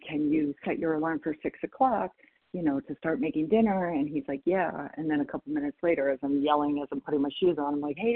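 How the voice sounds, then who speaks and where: Woman, recovery meeting share, candid and self-mocking, raspy voice, tinny call audio. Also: low voice. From North Idaho. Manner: candid, laughs at herself, quotes others in lively voices. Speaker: recovery meeting member sharing. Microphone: video or phone call. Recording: phone-quality call audio.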